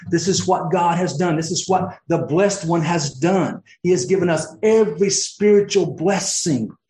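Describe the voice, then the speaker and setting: A male preacher delivering a sermon with fervent swings between exclamations and hushed near-whispers. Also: fairly high pitch, reverberant, rough recording.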